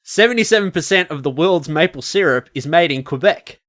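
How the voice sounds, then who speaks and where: A man's voice: a little high, animated, brisk, fairly bright tone. A man with an Australian accent co-hosting a casual podcast, joking and swearing as he reads out facts. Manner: profane, joking banter. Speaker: podcast co-host.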